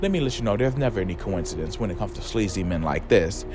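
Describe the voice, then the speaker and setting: A man hosting a podcast, retelling a horror story in a sassy, slangy, campy comedic way. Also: fast talker. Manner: sassy, animated, slangy storytelling with lively swoops in pitch. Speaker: podcast host retelling a comic book story. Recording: music playing under the voice. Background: background music.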